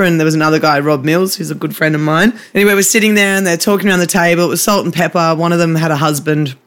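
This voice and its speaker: Aussie guy with a high voice, cheeky and self-mocking, chatting sport on a podcast. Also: fairly even intonation, quick pace, hardly any pauses, a bit bright. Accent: Australian. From Australia. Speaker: podcast co-host. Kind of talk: casual banter, storytelling.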